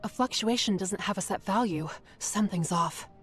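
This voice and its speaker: A woman voicing a calm, reserved hunter heroine. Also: medium pitch, moderate pace, soft background music, lightly acted. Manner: calm, quiet, sighing.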